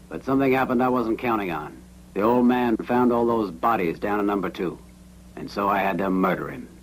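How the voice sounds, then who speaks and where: An actor playing a cold, ruthless former army captain in a dubbed western, speaking in a menacing, matter-of-fact way. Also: male voice, low voice, a little hiss or hum, rough recording. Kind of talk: dubbed 1970s western film acting.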